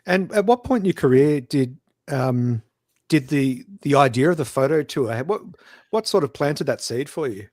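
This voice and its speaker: A man hosting an interview podcast, asking a question haltingly while he searches for his words. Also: mid-range voice, expressive, a little mellow, no room sound, studio quality. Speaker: podcast host.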